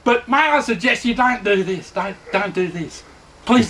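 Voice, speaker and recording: A high-voiced Australian man lectures with dry, mocking sarcasm, talking down to his imagined students in a satirical comedy bit. The room is echoey, with a faint hiss underneath. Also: lively intonation, measured pace, a bit bright. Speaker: mock instructor.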